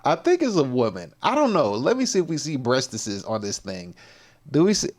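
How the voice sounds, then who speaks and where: Male livestream host, relaxed and slangy, lively pitch, commenting off the cuff. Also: a little fast. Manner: loose, slangy, talks to the viewers and reacts as he goes.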